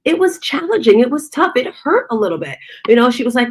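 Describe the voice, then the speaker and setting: A middle-aged woman giving a casual motivational talk, expressive and chatty, acting out conversations as she goes. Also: on the high side, quick pace, hardly any pauses, breathy edge. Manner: expressive, acts out quoted conversations. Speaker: motivational speaker and fitness studio owner.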